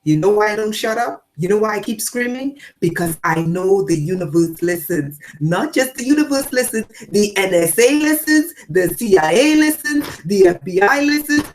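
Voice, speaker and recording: Emphatic woman preaching with loud swings. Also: expressive, normal speed, hardly any pauses. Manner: emphatic, swings between loud declarations and low asides; repeats phrases for emphasis. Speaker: spiritual teacher. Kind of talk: spiritual talk to an audience.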